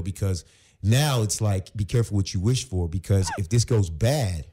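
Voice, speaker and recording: A man around forty with a deep, mellow voice tells a story as a podcast guest. He acts out each side of the conversations in lively fashion, recalling his days as a football player turned actor. The voice is low and warm throughout. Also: moderate pace, slightly rough. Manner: animated storyteller who acts out both sides of conversations. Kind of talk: casual storytelling interview.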